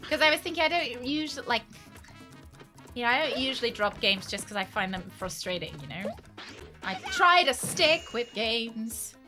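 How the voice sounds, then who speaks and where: A woman's voice: fairly high pitch, expressive, moderate pace, pushed and bright. A woman chatting casually on a live stream while playing a game, answering viewers' comments as she goes. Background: game music.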